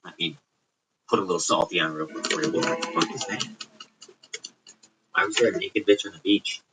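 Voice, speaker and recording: A man's voice: deep voice, moderate pace, noisy background. A man with a suburban Chicago accent hosting a casual late-night livestream from home, rambling and profane. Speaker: livestream host.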